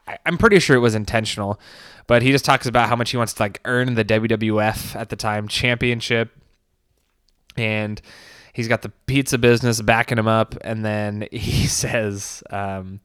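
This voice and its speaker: A man's voice: lowish voice, fairly bright tone, clear, resonant tone, no room sound, studio quality. A man casually recapping a documentary, rambling with fillers, restarts and laughs. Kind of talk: casual commentary.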